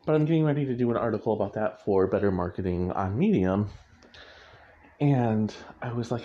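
A man's voice: medium pitch, lively intonation, unhurried, pauses often, warm tone, a little hiss or hum. A man, an author, talking casually about his writing in a rambling way, correcting himself and chuckling often. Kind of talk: casual chat. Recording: muffled lo-fi recording.

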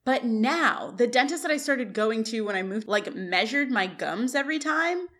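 A woman's voice: on the high side, lively intonation, moderate pace, fairly bright tone. A woman co-hosting a podcast, retelling a sitcom episode scene by scene and quoting lines between laughs. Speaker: podcast co-host. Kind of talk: casual recap chat.

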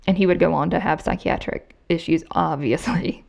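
A woman's voice: lowish voice, steady tone, normal speed, gravelly, a little mellow. A woman hosting a podcast, casually recounting a true crime case to her co-host and reading quotes with emphasis. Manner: conversational, reads quotes with emphasis.

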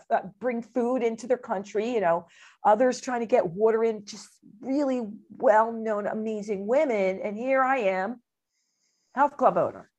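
A woman who is a motivational speaker, telling stories as an interview guest in an animated way, often laughing and acting out quotes. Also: fairly high pitch, muffled recording. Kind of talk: casual interview storytelling.

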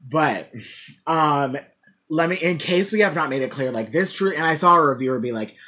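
A woman co-hosting a podcast in casual chat, animated, swearing often and full of "like" fillers. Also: deep voice, moderate pace. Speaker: podcast co-host.

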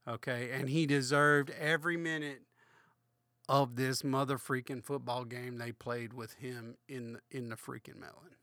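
A man's voice: medium pitch, steady tone, a little slow, bright, forceful tone, no room sound, clean studio sound. A slightly drunk man hosting a comedic read-aloud of a children's book, rambling through crude, swearing asides. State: a little drunk. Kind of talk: comedic book reading with commentary.

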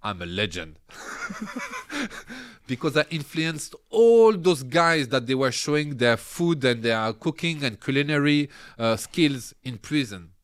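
A middle-aged man, a podcast guest telling animated stories in broken English and laughing often. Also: fairly high pitch, a little slow, hardly any pauses, clean tone. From France. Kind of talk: casual interview chat.

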